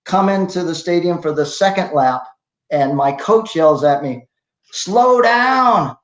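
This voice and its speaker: An older man in his sixties, a bit high-pitched, recounts his athletic experiences in a loose, self-deprecating way, often restarting his sentences. His voice carries a noticeable room echo. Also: normal speed. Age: 60s. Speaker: masters CrossFit athlete guest. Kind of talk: casual interview storytelling.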